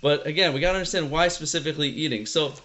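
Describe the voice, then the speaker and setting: Animated, conversational male teacher. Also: on the high side, racing. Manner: conversational, asks the class questions, animated storytelling. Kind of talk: casual classroom lesson.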